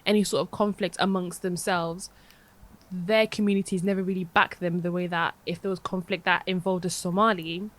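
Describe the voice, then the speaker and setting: A young woman, co-hosting a podcast in relaxed chat and telling a long story full of fillers and restarts. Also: fairly low pitch, normal speed. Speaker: podcast co-host. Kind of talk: casual chat.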